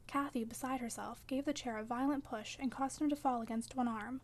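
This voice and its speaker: A woman narrating a classic novel as an audiobook, in measured, even storytelling. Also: fairly high pitch.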